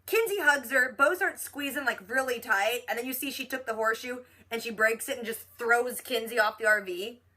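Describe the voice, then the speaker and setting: A young woman casually recapping a TV episode, chatty and animated, retelling scenes with quoted lines and lots of filler words. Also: fairly high pitch, moderate pace, few pauses. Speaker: reaction channel host.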